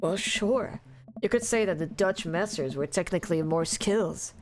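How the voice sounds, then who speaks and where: A woman streamer playing a game live, reading its dialogue aloud and commenting with animated laughter, loud outbursts and swearing. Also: lowish voice, moderate pace, soft background music.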